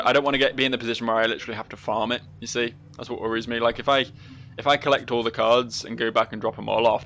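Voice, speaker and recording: A man's voice: on the low side, vocal fry, pushed and bright. A man casually commenting on a game as he plays, rambling, self-mocking and swearing freely. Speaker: let's play host.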